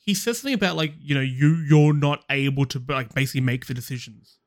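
A man's voice: medium pitch, expressive, quick pace. Wry, dry-humored podcast co-host man. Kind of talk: casual gaming podcast chat.

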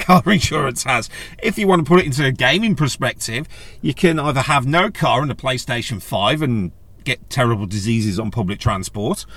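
A man rants casually in a sweary, sarcastic vlog. His voice is bright and forward, and it swings widely up and down as he gets worked up. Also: mid-range voice, no room sound. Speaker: vlogger. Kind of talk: casual rant.

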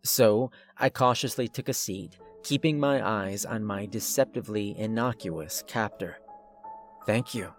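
A man's voice: on the low side, unhurried, hardly any pauses, soft background music. Man narrating a horror story. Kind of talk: scripted first-person horror narration.

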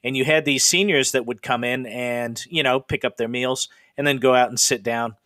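A man's voice: mid-range voice, fairly even intonation, normal speed, bright, forceful tone, no room sound, studio quality. A middle-aged man from the Pacific Northwest, hosting a podcast and telling ghost stories in a chatty, rambling way with frequent fillers. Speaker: podcast host. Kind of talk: casual ghost storytelling.

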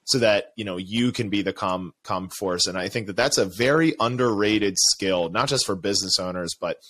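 A man hosting a podcast, his voice on the lower side. He thinks out loud in a loose, reflective way, stringing his thoughts together with "you know" and "like.". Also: moderate pace. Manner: reflective, rambling, many fillers like "you know". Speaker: podcast host. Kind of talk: casual interview conversation.

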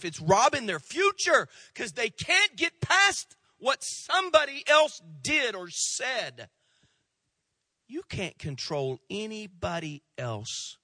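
Lively high-voiced preacher man. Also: no echo, studio quality. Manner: animated preaching, swings from loud emphasis to hushed asides; tells jokes and acts out quoted voices. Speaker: pastor. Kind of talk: sermon.

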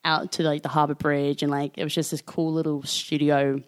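Low-voiced woman telling stories. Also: a little fast. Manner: animated storytelling, acts out quotes, swears freely. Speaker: podcast co-host. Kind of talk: casual chat.

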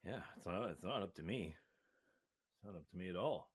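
A man's voice: low-pitched, lively intonation, normal speed, breathy edge. A man co-hosting a casual podcast, rambling and riffing loosely. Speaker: podcast co-host. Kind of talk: casual chat.

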